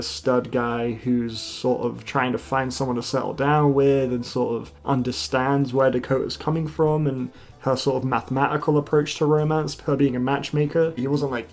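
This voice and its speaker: A man's voice: medium pitch, a little mellow. A man giving a casual, slangy spoken film review, with lots of fillers and restarts.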